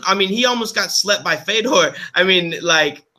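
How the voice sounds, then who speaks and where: A man's voice: sits high, animated, normal speed, bright, forceful tone. A man co-hosting a casual sports chat, laid-back and rambling, saying "like" a lot. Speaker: podcast co-host.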